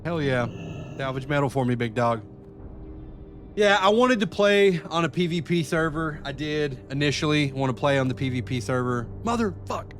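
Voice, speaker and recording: Profane, excitable man streaming a game. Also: a little high, normal speed, slight background noise. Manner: profane, excitable, talks to chat. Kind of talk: live-stream gameplay chat.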